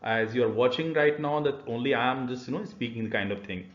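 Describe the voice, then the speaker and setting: A male university lecturer explains the topic in a halting way, pausing often on "uh". His voice is middle-pitched. The room echoes, and the sound is slightly dull. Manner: hesitant, many "uh" fillers, explanatory. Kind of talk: recorded e-learning lecture.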